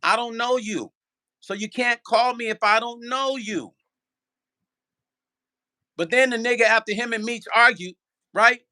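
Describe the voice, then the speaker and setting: A man on his own channel, ranting with a high-pitched voice. His tone is bright and edgy, full of curses and repeated questions. He talks straight to the viewers about someone who wronged him. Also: steady tone, a little slow, long pauses. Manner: profane, repetitive, rhetorical. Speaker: vlogger; musician. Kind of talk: heated casual rant.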